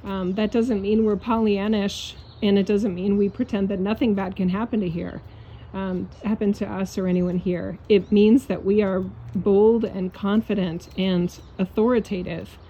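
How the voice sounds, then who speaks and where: A woman's voice: medium pitch, steady tone, normal speed, mellow, husky, highs cut off. A woman speaking as a spiritual coach in a casual pep talk outdoors in a yard. She is blunt and emphatic, swears, and laughs often.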